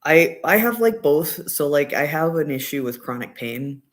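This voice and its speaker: A man from Indiana talking as a guest on a casual livestream, halting and full of fillers. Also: fairly high pitch, very animated, fairly bright tone. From Indiana, USA. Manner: halting, lots of fillers and hedges. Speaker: guest on stream.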